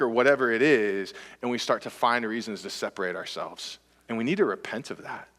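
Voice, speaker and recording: A man from Texas preaching a sermon as pastor, swinging from impassioned outbursts to quiet, earnest appeals. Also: medium pitch, big-room sound. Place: church sanctuary.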